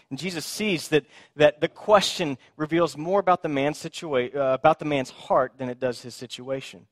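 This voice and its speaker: A man's voice: on the high side, normal speed, hardly any pauses, no room sound, studio quality. A male pastor giving a conversational sermon with playful asides. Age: young adult or middle-aged.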